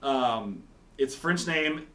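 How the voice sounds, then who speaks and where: Man, middle pitch, quiz host, playful and rambling, roomy echo. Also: expressive, extremely slow, bright, forceful tone. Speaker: pastor and show host. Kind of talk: casual game-show banter. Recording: echoey room.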